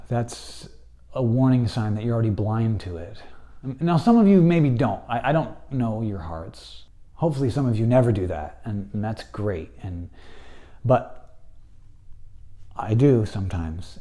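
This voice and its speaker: A man's voice: on the low side, mellow. A man teaching a video Bible lesson, urging his listeners in an earnest way and acting out people's inner thoughts. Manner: urgent, exhorting, acts out people's inner thoughts.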